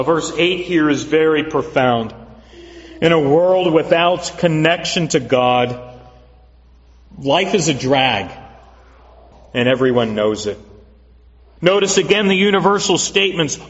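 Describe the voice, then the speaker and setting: Slow, earnest preaching man in echoing hall. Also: a little high. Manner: measured, earnest preaching with repetition for emphasis. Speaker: pastor. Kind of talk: sermon. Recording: dull lo-fi recording with long hall reverb.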